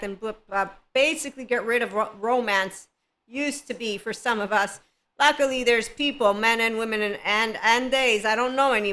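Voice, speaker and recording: A woman's voice: a little high, sharp tone. A woman hosting a spiritual self-help podcast, talking in a playful, rambling way and laughing often. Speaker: podcast host.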